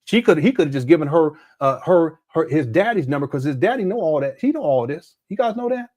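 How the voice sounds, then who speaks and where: Male livestream host, slightly high voice, animated delivery, emphatic and repetitive. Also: a little fast. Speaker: host of a live commentary show. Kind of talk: livestream commentary.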